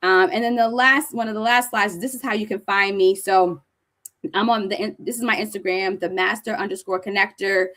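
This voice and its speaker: A middle-aged woman from New Jersey giving a conference talk, high-energy and animated as she tells stories to the audience. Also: normal speed. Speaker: speaker presenting to an audience. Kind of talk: conference presentation.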